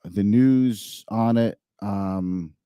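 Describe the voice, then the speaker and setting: A man's voice: lowish voice, extremely slow, dark tone, clean tone, dry recording, studio quality. A man hosting a finance show, giving casual market commentary in a chatty, thinking-aloud way and often correcting himself mid-sentence.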